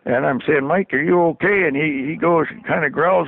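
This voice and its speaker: An older man telling a story in a folksy, animated way, chuckling as he goes. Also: a little high, moderate pace, gravelly, no echo. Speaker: storyteller guest. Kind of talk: casual anecdote on radio. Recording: tinny phone line on radio.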